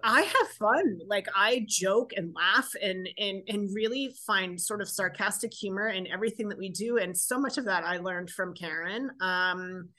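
A woman in her fifties, a podcast guest, telling stories in a lively, chatty way and acting out quoted dialogue. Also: mid-range voice, normal speed, hardly any pauses. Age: 50s. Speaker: guest, professional triathlete. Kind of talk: podcast interview storytelling.

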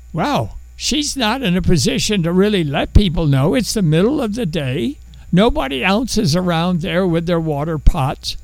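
A man preaching a sermon, telling a Bible story in animated, conversational fashion and acting out the characters. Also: high voice, moderate pace, creaky, dry recording, low-quality recording. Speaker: pastor.

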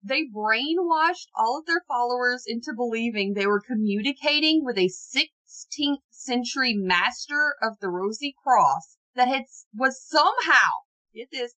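A woman's voice: on the high side, expressive, unhurried, sharp tone, poor audio. A woman co-hosting a casual true-crime podcast, telling the story in a sarcastic, jokey way with some swearing. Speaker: podcast co-host.

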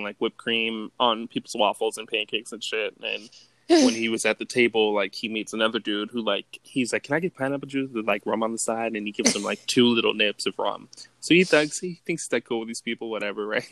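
A man's voice: fairly low pitch, fairly quick, fairly bright tone, dry recording. A man co-hosting a podcast, retelling movie scenes in casual chat and laughing often. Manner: laid-back, laughs often, acts out quotes in voices. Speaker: podcast co-host.

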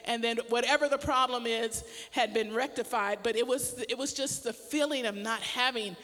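A woman's voice: on the high side, moderate pace, big-room sound. A middle-aged woman pastor tells a personal story in a casual sermon, laughing often as she talks. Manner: animated storytelling with frequent laughter.

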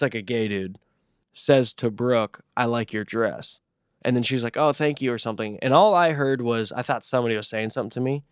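Casual podcast co-host, young man, smooth clear voice, dry close sound. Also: mid-range voice, no echo. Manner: rambling storytelling, heavy swearing, lots of fillers. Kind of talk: casual chat.

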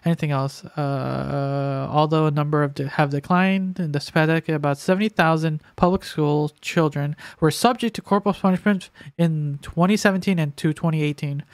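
Smooth-voiced man reading news haltingly. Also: fairly high pitch, fairly even intonation, dry recording. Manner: reads news aloud haltingly, stumbling over words. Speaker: podcast co-host. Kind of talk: casual podcast chat.

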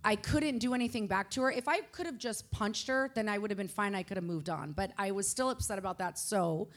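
A woman telling a story on stage at a live podcast, animated and blunt, swearing freely. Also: mid-range voice, brisk.

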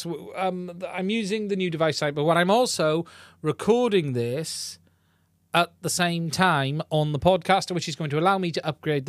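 A man's voice: fairly high pitch, dry recording, studio quality. A man hosting a casual live-stream podcast, chatting in a rambling way with lots of fillers and restarts. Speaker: podcast host. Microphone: podcast mic into a mixing console.

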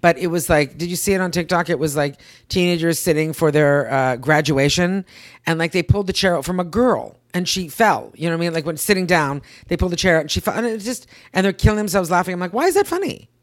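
Fast-talking woman telling animated stories. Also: fairly low pitch, no room sound, studio quality. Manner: rapid, animated storytelling with swearing. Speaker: podcast co-host. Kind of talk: casual podcast chat.

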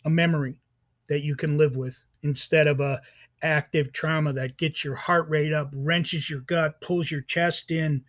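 A man hosting an interview podcast, asking questions in a halting way with many restarts. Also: a little high. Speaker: podcast host. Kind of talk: conversational interview.

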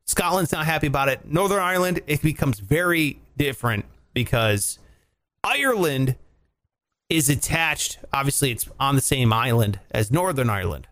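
A man co-hosting a casual chat show, talking in an animated, profane, mocking way. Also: medium pitch, moderate pace. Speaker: podcast co-host.

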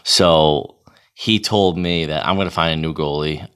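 A man in his thirties telling a casual, profane, animated story about himself. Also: very deep voice, a little slow, clean tone. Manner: profane, animated, self-mocking.

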